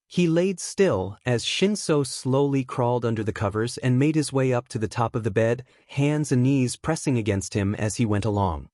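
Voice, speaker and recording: Male narrator, mid-pitched, dead-dry close recording, steady storybook read. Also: no room sound. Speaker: fanfiction reader. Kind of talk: scripted narration.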